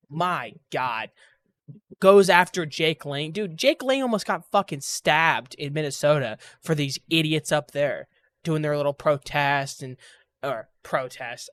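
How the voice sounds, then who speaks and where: A man's voice: fairly high pitch, fairly bright tone, dry recording. A man reacting to news clips in an angry, profane rant. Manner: angry, swearing, blunt. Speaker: reaction streamer. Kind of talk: profane ranting reaction commentary.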